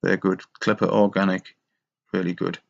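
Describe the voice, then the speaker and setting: A man's voice: sits low, level tone, normal speed, creaky. A man talking in a rambling, casual monologue, wry and self-mocking as he meanders from thought to thought, on a dull lo-fi recording. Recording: dull lo-fi sound.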